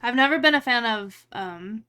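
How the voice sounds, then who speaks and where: High-voiced chatty woman streamer. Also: expressive, moderate pace, sharp tone, smooth. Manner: chatty and rambling, with frequent "like" fillers and laughs. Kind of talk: casual chat with live chat while editing photos.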